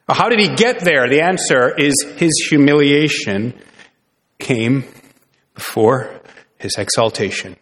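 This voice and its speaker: Man, pastor, sermon, raised pitch, long church reverb. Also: animated, normal speed, fairly bright tone. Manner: earnest preaching with rhetorical questions. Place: church sanctuary.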